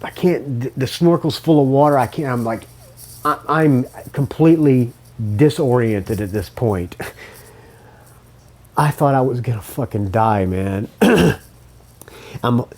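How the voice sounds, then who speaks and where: A man's voice: mid-range voice, unhurried, pauses often, darkish tone. A man hosting a podcast, telling a story casually, rambling and swearing, with a lingering cough. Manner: rambling, swearing, self-correcting. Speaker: podcast host.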